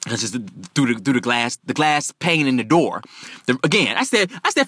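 A man telling a personal story in a profane, animated and emphatic way. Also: mid-range voice, moderate pace, dry recording, clean studio sound.

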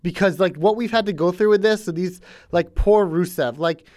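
A man co-hosting a casual wrestling podcast, animated and sarcastic, swearing as he complains. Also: high voice, normal speed. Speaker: podcast co-host.

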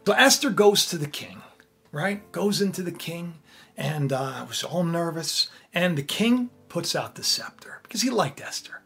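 Husky, animated storytelling preacher. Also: mid-range voice, unhurried. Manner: lively, animated storytelling with asides. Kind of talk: sermon retelling a scripture story.

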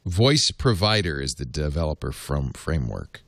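A man's voice: extremely low pitch, sing-song, moderate pace, fairly bright tone, no room sound. A man hosting a casual tech podcast, rambling, laughing and reading items from his notes on a close mic. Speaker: podcast host.

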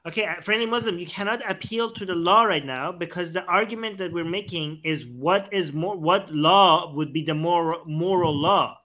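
A man with a high, bright, keen voice hosts a heated debate. He cuts in often and presses his point insistently, talking over the other side. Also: normal speed, hardly any pauses. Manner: insistent, interrupting, argumentative; mocks his opponent's words in a put-on voice. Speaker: debate show host.

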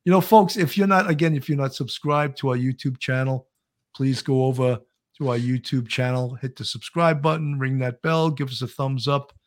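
A man's voice: mid-range voice, steady tone, normal speed. A man, co-hosting a casual live-stream chat and reading out viewer comments. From Brooklyn, New York. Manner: chatty, reads viewer comments aloud. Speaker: co-host.

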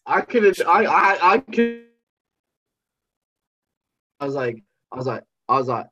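A man's voice: fairly high pitch, very animated, measured pace, sharp tone, faint music behind. A young British man, a podcast guest, chatting casually and jokingly over a video call, swearing and playing up mock indignation. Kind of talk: casual banter. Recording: muffled lo-fi call audio.

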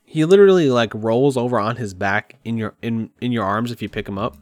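A man's voice: medium pitch, a little fast, darkish tone, no echo, studio quality. A man talking candidly in a rambling, open and emotional way at home, as a podcast host. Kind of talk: candid personal monologue. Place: at home by his computer.

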